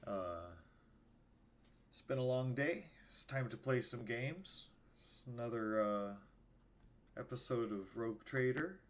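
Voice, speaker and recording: Relaxed man streaming a game. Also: medium pitch, slow. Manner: relaxed, apologetic, with fillers. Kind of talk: casual game stream commentary. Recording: loud background noise.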